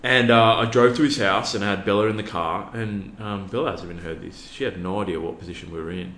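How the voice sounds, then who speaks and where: A man's voice: lowish voice, fairly even intonation, fast talker, a bit bright, echoey room. A man, a youth worker, telling a personal story earnestly with many fillers and restarts. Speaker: podcast guest, youth worker.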